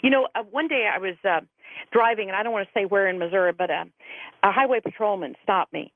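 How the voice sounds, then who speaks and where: A middle-aged woman comes through a narrow, tinny telephone line with a dry, close sound. She tells stories in an earnest way and often quotes what other people said to her. Her pitch sits in the middle. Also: quick pace, no echo. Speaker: phone-in guest, veterans' advocate. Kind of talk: radio interview over the phone.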